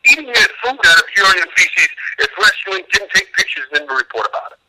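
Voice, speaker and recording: A man talks fast and emphatically as the guest in an interview, with a bright, forceful edge to his voice. He tells his stories in an animated way, acting out both sides of each conversation. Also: sits high, low-quality recording. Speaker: animal rescue worker, guest. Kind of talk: interview, storytelling.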